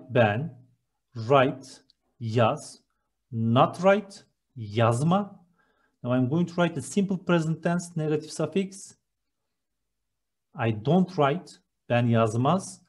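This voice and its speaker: A patient male teacher walks through a grammar lesson one step at a time. His voice is mellow and slightly husky, a little higher than most men's. He speaks very slowly and deliberately. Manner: patient, explains each step while writing. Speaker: language teacher.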